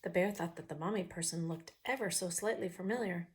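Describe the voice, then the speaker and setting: A woman's voice: lowish voice, background noise. Woman reading storybooks to kids, with questions to the viewer. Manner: pauses to ask the viewer questions. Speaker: picture book reader. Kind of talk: reading a picture book aloud.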